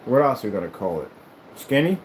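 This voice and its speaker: A man's voice: medium pitch, very animated, quick pace, a little hiss or hum, low-quality recording. A man chatting casually to camera in an emphatic, rambling way, often repeating himself. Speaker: vlogger.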